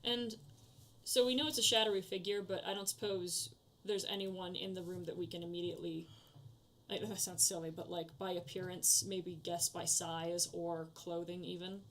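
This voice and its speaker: A woman's voice: on the low side, little pitch movement, normal speed, fairly bright tone, a little hiss or hum. A woman playing a tabletop game, asking polite, thoughtful questions in character. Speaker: player. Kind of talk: casual tabletop game chat.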